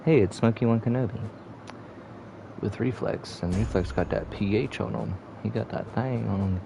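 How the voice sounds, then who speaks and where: A man's voice: fairly low pitch, moderate pace, gravelly, noisy background. A young man streaming a game, giving laid-back casual commentary and humming between remarks.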